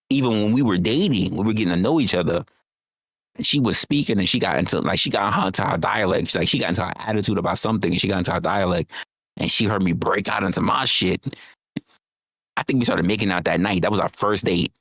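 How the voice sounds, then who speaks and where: An American man chatting casually on his livestream, animated and rambling, swearing freely and teasing his chat. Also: low-pitched, fairly quick, no room sound, clean studio sound. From United States. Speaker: livestream host.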